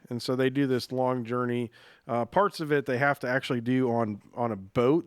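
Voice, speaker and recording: A man hosting a podcast in casual chat, relaxed and rambling with many fillers. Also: mid-range voice, clean tone, no room sound, studio quality. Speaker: podcast host.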